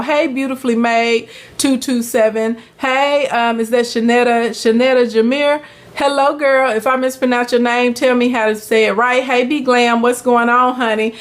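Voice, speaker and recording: A woman with a Southern US accent hosting a casual live business Q&A, chatty and upbeat, greeting viewers by name and calling them honey. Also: fairly high pitch. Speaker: live-stream business coach.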